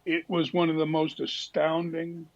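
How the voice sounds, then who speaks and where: An older man telling lively anecdotes as a talk show guest, dropping into quick impressions of other people. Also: on the high side, muffled recording, slight background noise. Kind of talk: casual storytelling interview.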